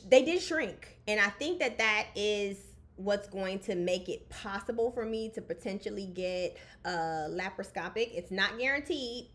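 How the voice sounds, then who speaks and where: A woman podcast host talking candidly and casually from home over a video call. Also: mid-range voice. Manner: candid, chatty, calls guest "girl". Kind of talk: casual chat.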